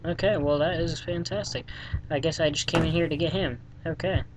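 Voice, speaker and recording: A let's play gamer giving casual gameplay commentary in a sarcastic, deadpan way, swearing often and reading game text aloud. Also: mid-range voice, a little fast, noisy background.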